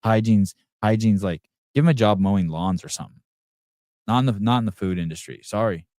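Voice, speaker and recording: A man's voice: on the low side, brisk, a little mellow, no room sound, clean studio sound. A middle-aged man hosting a podcast, rambling crudely and profanely while reading out chat comments. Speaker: podcast host. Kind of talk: crude off-the-cuff livestream chat.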